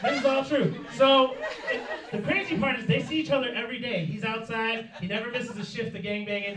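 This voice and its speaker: A man's voice: extremely high pitch, fairly even intonation, fairly quick, over a noisy crowd, very noisy. A man performing a stand-up comedy set in a club, telling a story and laughing through his lines. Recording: roomy club sound from far off, loud audience.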